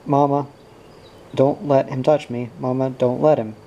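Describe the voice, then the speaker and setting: A man's voice: mid-range voice, flat delivery, measured pace, mellow, muffled recording, close to an everyday voice. A man reading the lines of a frightened teenage girl who pleads in tears. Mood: pleading. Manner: pleading, tearful.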